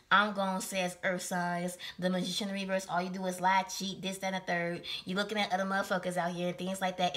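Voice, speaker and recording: A woman reads tarot cards in a loose, chatty way, full of slang and swearing. Her voice is bright and forward, and she stops often to laugh at and correct her own slips. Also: medium pitch. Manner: keeps correcting herself. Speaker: tarot reader. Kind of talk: casual tarot reading for a zodiac sign.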